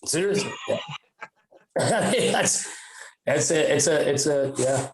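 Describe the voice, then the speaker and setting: A man's voice: on the high side, slow pace, roomy sound, a crowd in the background, poor audio. A man telling a story on a podcast in a casual, profane, rambling way with many restarts. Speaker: podcast co-host.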